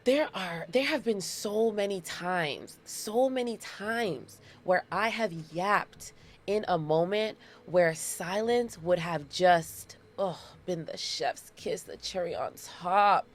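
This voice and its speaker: A thirty-year-old woman hosts her own podcast solo, speaking slowly in a lowish voice with lively intonation. Her monologue is casual and playful, full of dramatic repetitions.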